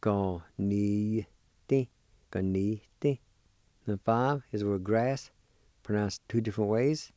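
A man gives a patient vocabulary lesson, spelling each word letter by letter and saying it slowly. His voice sits a bit low, with a warm, mellow tone. The recording is close and dry. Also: dry recording. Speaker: language teacher. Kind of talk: slow spelling and pronunciation lesson.

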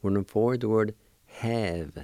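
A man hosting a language lesson, patiently spelling out words letter by letter and pronouncing each one slowly. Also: fairly low pitch, dark tone, no room sound. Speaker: language teacher and radio host. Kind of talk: slow spelling and pronunciation lesson.

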